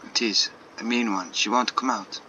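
A man puts on a proud eccentric painter with a mock French accent, grandly fussing in a game voice-over. The voice sits a little low but stays bright and forceful. The recording is dull and lo-fi with faint noise under it. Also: steady tone, normal speed. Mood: haughty.

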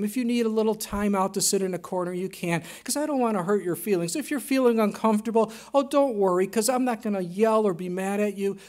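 A pastor preaching with a high, light voice. He swings between loud, emphatic bursts and soft, hushed lines. His sermon delivery is dramatic and conversational.

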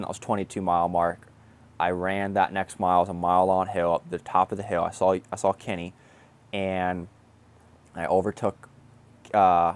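A young man, a triathlete, telling his race story in a casual, excited way, laughing often and swearing now and then. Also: low-pitched.

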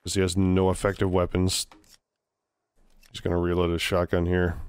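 A male caster with a fairly low voice calls a tactical shooter match live, adding dry, wry asides. He talks steadily and easily throughout. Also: completely flat delivery, normal speed, darkish tone, clean tone, dry recording. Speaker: game caster. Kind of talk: live gameplay commentary.

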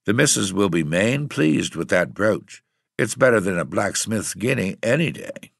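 A man's voice: fairly low pitch, lively intonation, normal speed, gravelly, no echo, studio quality, pitched above the performer's own voice. A man voicing a worried, middle-aged rustic village landlord who speaks in plain country talk. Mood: pleased.

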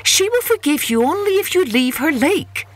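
A woman's voice: high-pitched, very animated, moderate pace, pitched above the performer's own voice. A woman voicing a clever, confident male hare king in a children's story, speaking in a persuasive, knowing way. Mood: sly.

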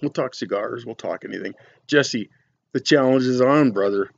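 A man's voice: mid-range voice, moderate pace, vocal fry, dry recording, dull audio. A man reviewing cigars on his vlog, chatting casually and telling rambling, folksy stories full of fillers.

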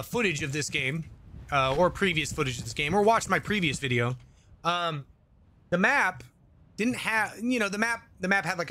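A man's voice: a little high, pushed and bright. Joking male gaming streamer. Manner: joking, rambling, reading chat aloud. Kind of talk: casual gameplay commentary.

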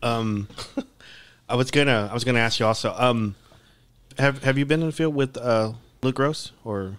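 A man hosting a casual podcast interview. He sounds friendly and enthusiastic and tends to repeat his words as he goes. His voice sits at a middle pitch for a man. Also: normal speed, a bit bright. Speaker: podcast host.

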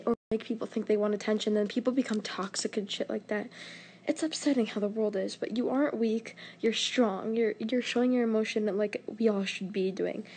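A woman's voice: fairly high pitch, mellow. A young woman giving an earnest, rambling, impassioned monologue into her phone, swearing often. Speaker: social media poster.

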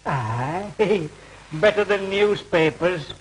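A gruff older mill owner with a Yorkshire accent, blunt and quick to chuckle. His voice sits high for a man. It is 1930s British film acting. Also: expressive, slight background noise, heavily acted, poor audio. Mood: jovial. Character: gruff retired Yorkshire mill-owning uncle.

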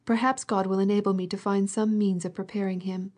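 A woman's voice: medium pitch, level tone, brisk, a little mellow, lightly acted. A woman voicing a tearful, fretful older noblewoman who speaks in pleading, breathless exclamations.

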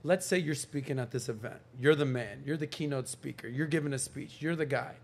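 A man hosting a podcast, telling a story in a lively casual way and acting out the people in it. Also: mid-range voice, fairly quick. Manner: animated storyteller, acts out quoted voices. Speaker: podcast host. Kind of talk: casual chat.

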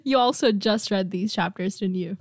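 A podcast co-host talking casually over a remote mic, supportive and quick to laugh. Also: mid-range voice, dry recording, studio quality.

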